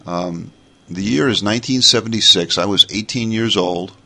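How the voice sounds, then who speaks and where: A low-voiced man in his forties talks with a New York accent as he hosts a casual podcast monologue. His tone is bright and forceful. He rambles in a chatty way, circling back with restarts and fillers. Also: moderate pace, creaky. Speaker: podcast host.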